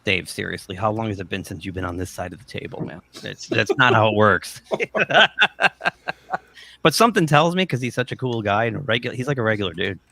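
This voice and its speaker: A man hosting a livestream and telling lively anecdotes over a video call. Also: on the low side, fairly quick, vocal fry. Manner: animated anecdote teller, quotes people in voices. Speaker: livestream host. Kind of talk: casual chat, storytelling.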